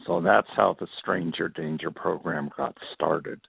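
A man's voice: low-pitched, measured pace, creaky, breathy edge, no echo, dull audio. A man being interviewed as a child safety author, telling stories and acting out the dialogue. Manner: animated storyteller, acts out quoted dialogue. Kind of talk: interview storytelling.

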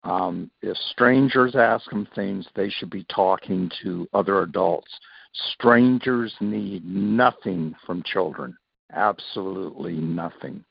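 A man's voice: low voice, takes it slowly, gravelly, breathy edge, no echo, muffled recording. A man being interviewed as a child safety author, telling stories and acting out the dialogue. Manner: animated storyteller, acts out quoted dialogue. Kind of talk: interview storytelling.

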